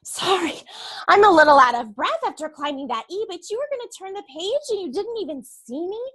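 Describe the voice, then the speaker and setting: A woman's voice: extremely high pitch, expressive, brisk, fairly bright tone, pitched above the performer's own voice. A woman voicing a chatty young schoolgirl who narrates a storybook in an eager, confiding way. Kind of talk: storybook read-aloud.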